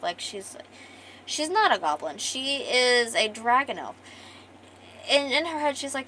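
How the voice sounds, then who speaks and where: A woman's voice: on the high side, very animated, unhurried, bright, forceful tone, slight background noise, poor audio. Rambling woman streamer telling a story. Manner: rambling, with restarts and casual swearing. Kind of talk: casual storytelling chat.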